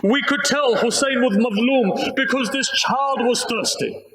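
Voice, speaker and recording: A man speaking at a mosque, delivering a slow, grieving sermon narration during a Muharram gathering. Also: very high voice, fairly bright tone. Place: mosque prayer hall. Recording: echoey mosque hall.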